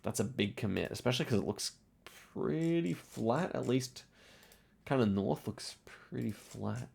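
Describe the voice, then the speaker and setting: A man's voice: mid-range voice, animated, a little slow, creaky, darkish tone, slightly rough. A man giving casual gameplay commentary, thinking aloud and explaining his clues with frequent hedges and restarts. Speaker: game commentator.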